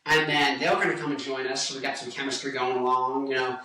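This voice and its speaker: A man's voice: medium pitch, little pitch movement, quick pace, bright, forceful tone. Rambling young man in an echoey room. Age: 20s. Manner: hyper, joking, goes off on tangents. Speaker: rock guitarist and singer. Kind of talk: rambling casual vlog. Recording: echoey room, mic at a distance.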